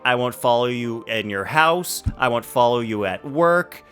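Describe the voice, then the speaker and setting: A man's voice: mid-range voice, expressive, unhurried, a bit bright, clean tone, faint music behind. A man streaming a game, chatting and joking playfully with his viewers. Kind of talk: casual livestream chat.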